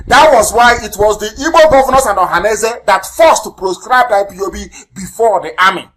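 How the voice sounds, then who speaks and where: A political leader with a Nigerian accent delivers a fiery, denouncing live radio address at normal speed with few pauses, repeating words for emphasis. He swings between loud bursts and low asides, and the recording is rough.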